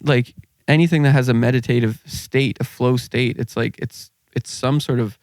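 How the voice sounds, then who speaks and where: A man's voice: mid-range voice, fairly even intonation, normal speed, darkish tone, no echo. A man co-hosting a podcast, casual chat, rambling and searching for his words. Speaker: podcast co-host.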